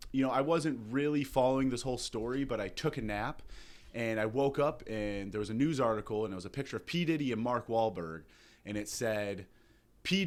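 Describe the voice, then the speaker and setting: A young man tears through a satirical comedy rant, his pitch leaping all over as he swears and feigns outrage. He sounds hungover, sometimes dropping low and grumbling before shouting again. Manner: loud, profane, mock-outraged ranting with exaggerated impressions. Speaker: comedy podcast host.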